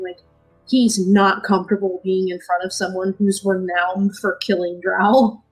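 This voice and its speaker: A woman player narrating her character's actions in a tabletop game, in a hesitant, halting way. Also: medium pitch, little pitch movement, a little mellow, husky, faint music behind, low-quality recording.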